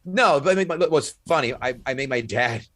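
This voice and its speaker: A stand-up comic man spins animated stories in a loose podcast conversation, swearing freely and acting out other people's lines. His voice sits in an ordinary middle pitch, recorded close and dry with no room sound. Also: fairly quick, no echo. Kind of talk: casual podcast chat.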